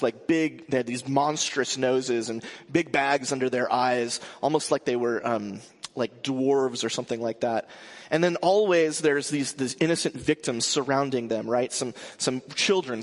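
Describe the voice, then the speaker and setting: A man preaching a sermon in a casual way, often restarting and filling pauses. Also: mid-range voice, in a large hall. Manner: conversational with frequent restarts and fillers. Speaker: pastor.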